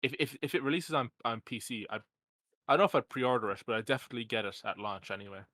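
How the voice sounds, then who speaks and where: A man's voice: mid-range voice, fast talker, pushed and bright, dry recording. A man hosting a casual podcast interview, teasing his co-host and often restarting his sentences.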